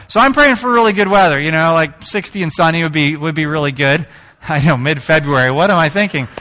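A man preaching a sermon, telling stories in an animated way and joking with the congregation. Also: on the high side, fairly quick. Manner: animated storytelling, jokes with the congregation. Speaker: pastor.

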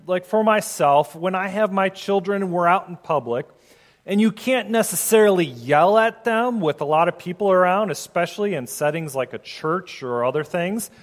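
Man, chaplain, conversational sermon, high voice, long echoing reverb. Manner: conversational, acts out quoted prayers. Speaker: hospital chaplain.

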